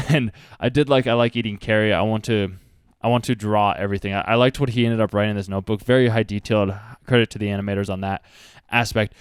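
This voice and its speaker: A man talks quickly about an anime, drifting into earnest advice and leaning on "like" constantly. His voice is clean and smooth, recorded dry and close with no room sound. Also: fairly low pitch, steady tone, dry recording. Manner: rambling, earnest, heavy use of "like". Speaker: anime reaction host. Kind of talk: casual commentary with life advice.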